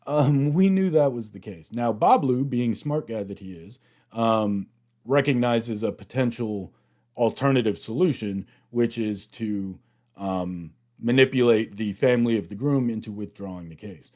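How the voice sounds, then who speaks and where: An American man hosting a reaction video, chatting through an episode recap in an animated way. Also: mid-range voice, measured pace. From United States. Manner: chatty, animated retelling, acts out quotes.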